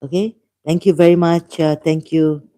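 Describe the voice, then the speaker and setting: A man hosting a rambling livestream monologue, emphatic and indignant, halting often with fillers. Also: on the high side, steady tone, warm tone. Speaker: channel host.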